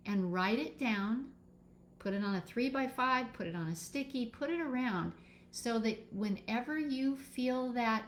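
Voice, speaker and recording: A woman teaching a live session as a birth educator, calm and instructive, guiding listeners step by step with pauses. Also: on the high side, a little hiss or hum.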